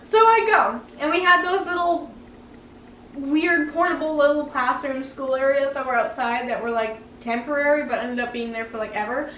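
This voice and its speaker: A young woman telling a childhood story at home in an animated, dramatic way, often breaking into laughter. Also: sits high, normal speed, recorded from a distance, a little hiss or hum. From Canada. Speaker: vlogger. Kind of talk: story-time vlog. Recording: roomy room, a bit off mic.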